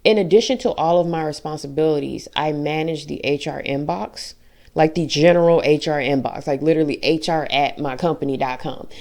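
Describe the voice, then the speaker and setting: A young woman with a low voice tells a candid personal story to her camera. She talks emphatically in casual slang, venting her frustration. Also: steady tone, brisk, a little mellow. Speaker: vlogger.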